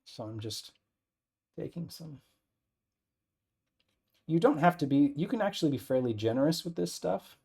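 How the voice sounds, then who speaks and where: A man teaching a hands-on demonstration in a relaxed way, thinking aloud as he works and often checking in with "right?". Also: fairly high pitch, normal speed, gravelly, long pauses, breathy edge. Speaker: instructor. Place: workbench with an air filter running.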